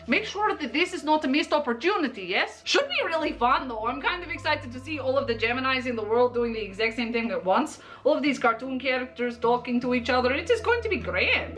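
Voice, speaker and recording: A woman's voice: a little high, a bit bright. A young adult woman chatting playfully through a makeup tutorial, full of jokey asides. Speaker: makeup vlogger. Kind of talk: casual makeup tutorial chat.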